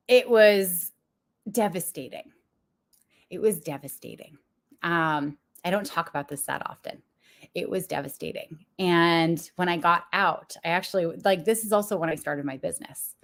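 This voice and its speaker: A young adult woman with a slightly low-pitched voice speaks to her viewers as a business coach. She talks frankly and confessionally, breaking into frequent small laughs. Her tone stays candid and motivational. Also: unhurried, a bit bright.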